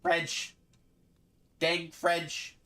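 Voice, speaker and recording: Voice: medium pitch, monotone, extremely slow, bright, forceful tone, smooth. A game streamer giving casual live commentary, playfully exasperated and laughing often.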